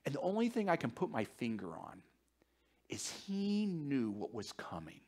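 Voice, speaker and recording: A male pastor with a mid-range voice preaches a sermon at normal speed, animated and joking. He thinks aloud with repeated words and fillers, sometimes dropping to a hushed near-whisper.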